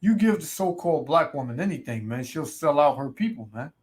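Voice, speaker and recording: A ranting male street preacher with a slightly raised pitch. He stretches out scripture verses slowly and loudly, then fires off asides that keep ending in "man" and "right". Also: lively intonation. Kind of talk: ranting sermon video.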